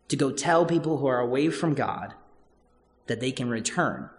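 A man's voice: medium pitch, animated, moderate pace. A man preaching a sermon as pastor, earnest and repetitive, building points through repeated phrases. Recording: long church-hall reverb.

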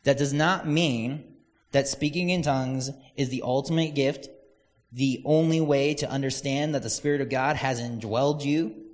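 A man preaching in a relaxed, conversational way, slipping into little acted-out voices as he tells a story. His voice sits at an ordinary middle pitch, and long reverb trails each phrase in the church hall. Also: normal speed. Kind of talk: casual sermon.

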